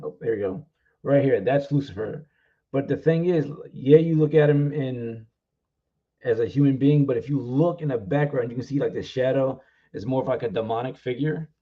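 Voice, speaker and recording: A man's voice: mid-range voice, normal speed, lo-fi sound. A man, an author, chatting casually on a livestream and rambling with lots of "like" fillers. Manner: rambling, heavy use of "like".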